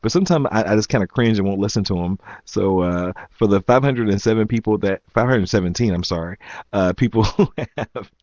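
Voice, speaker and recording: A man's voice: on the low side, brisk, darkish tone, no echo. A man hosting his own late-night podcast, rambling casually with many ums and jumping from topic to topic. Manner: rambling, lots of ums, jumps between topics. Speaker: podcast host. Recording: dull, dry lo-fi sound.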